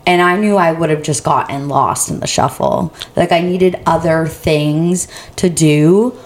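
Expressive young woman chatting casually. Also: measured pace. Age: 20s. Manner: expressive, quotes herself in high voice, laughs. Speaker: co-host. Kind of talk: casual chat.

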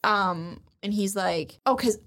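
A young podcast co-host with a medium-pitched, slightly bright voice speaks slowly as she retells an anime episode. She rambles, swears a lot, and performs the characters' lines herself.

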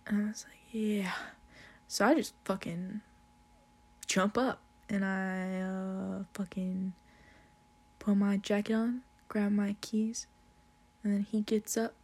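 A woman's voice: medium pitch, flat delivery, darkish tone, slightly rough. A young woman telling a casual, profanity-laced story, laughing often as she talks. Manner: slow, drawn-out delivery with frequent swearing and laughter.

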